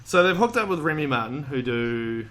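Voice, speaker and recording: A man's voice: mid-range voice, expressive, normal speed, sharp tone. A man hosting a podcast, chatting casually and rambling, with loose swearing and frequent laughter. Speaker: podcast host. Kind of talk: casual chat.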